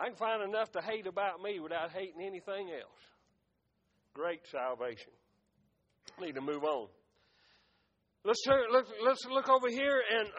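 A man's voice: high voice, a bit bright. A male preacher giving a fervent sermon, breaking it up with "amen" and "hey". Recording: echoey hall, dull lo-fi sound.

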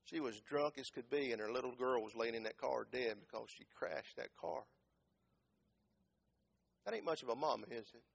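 A man preaching a sermon as pastor, swinging from loud impassioned calls down to low quiet words. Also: moderate pace, vocal fry, long pauses, a little hiss or hum. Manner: impassioned, rising to shouts and dropping low.

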